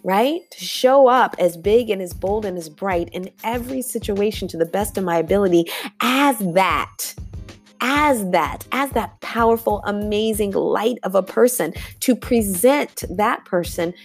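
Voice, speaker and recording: A woman's voice: mid-range voice, a little slow, soft background music. A woman hosting a podcast, giving an emphatic motivational monologue and calling her listeners y'all. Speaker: podcast host.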